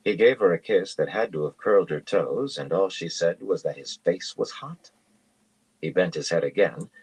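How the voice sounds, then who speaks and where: A man reads a fantasy novel aloud at a steady, even pace. His voice is extremely deep and has a husky grain to it. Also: moderate pace, low-quality recording. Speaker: audiobook reader.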